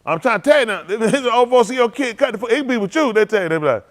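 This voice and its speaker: A man's voice: very high voice, animated, fast talker, hardly any pauses. A man preaching in a folksy storytelling sermon, laughing often and repeating phrases as he acts out quotes. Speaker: pastor.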